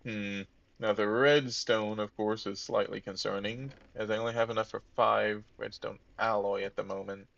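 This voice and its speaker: A man's voice: fairly low pitch, level tone, normal speed, creaky, fairly bright tone, no room sound, muffled recording. A man casually commenting on his gameplay, thinking aloud and muttering to himself as he plays. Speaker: let's-play gamer.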